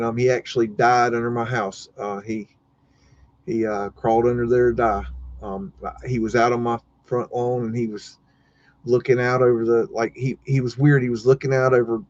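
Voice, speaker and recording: A man's voice: mid-range voice, darkish tone, dry recording, highs cut off. A man hosting a livestream, telling a story casually and rambling with many fillers and restarts. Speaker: livestream host.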